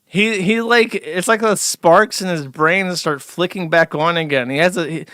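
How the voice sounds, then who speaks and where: A male host gives casual commentary over clips, mocking them. His voice is bright and forceful, smooth and crisp, and sits a little high. The mic is close and dry. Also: moderate pace, dry recording.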